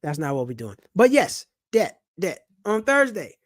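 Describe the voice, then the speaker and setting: A middle-aged man rants about money straight to camera, animated and preachy, with plenty of street slang. His voice sits high for a man, recorded dry and close with no room sound. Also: moderate pace, dry recording. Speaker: channel host and comedian. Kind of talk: casual personal finance vlog.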